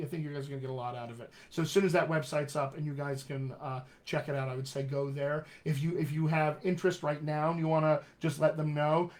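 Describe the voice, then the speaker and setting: This man, a dialect coach with a General American accent, sounds a little high as he hosts a cheerful, chatty live stream. At points he slowly spells out web addresses.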